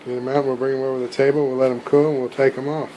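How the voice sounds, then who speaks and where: A man's voice: medium pitch, flat delivery, rapid-fire, mellow, a little hiss or hum, low-quality recording. A middle-aged man, a dad, talking casually and folksily while baking cookies at home with his daughter for a vlog. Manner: easygoing, homely folksy talk. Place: home kitchen.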